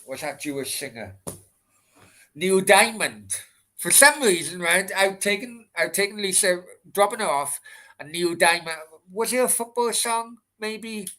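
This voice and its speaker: Male stream host, casual, swears nonstop, bright, fairly high voice. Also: lively intonation, a little slow. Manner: swears constantly, rambling with restarts. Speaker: football channel host. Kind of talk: casual rambling anecdote on a live stream.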